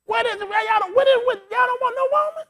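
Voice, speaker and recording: A bald, aging pastor preaches in an extremely high-pitched voice, talking fast. He's animated, joking with the congregation and addressing them directly in a humorous, conversational sermon.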